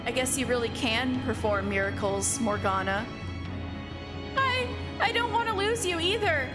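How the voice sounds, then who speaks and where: A woman reading a gentle sorrowful young man. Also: sits high, lively intonation, over loud music. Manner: soft, measured, tender.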